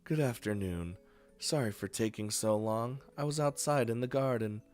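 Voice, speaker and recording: Dude reading a gentle young woman, quiet and soft, smooth voice. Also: mid-range voice, normal speed, soft background music, natural voice.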